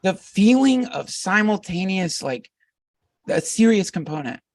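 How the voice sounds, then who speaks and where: A man who is a podcast guest, telling a long story in a rambling, animated way with lots of fillers. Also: high-pitched, unhurried, dry recording, recorded from a distance. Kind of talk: casual storytelling conversation.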